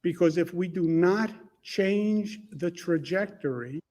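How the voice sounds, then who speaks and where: A man delivers an official press conference in a measured, formal tone. His voice sits a little high for a man. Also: darkish tone. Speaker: governor giving a press conference.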